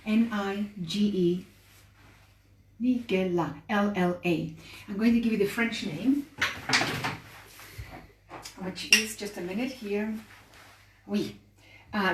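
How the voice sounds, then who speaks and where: A woman with a mid-range voice hosts a live cooking demonstration, explaining patiently and talking as she works with her hands. The distant mic sounds roomy with faint ambience and a little hiss or hum.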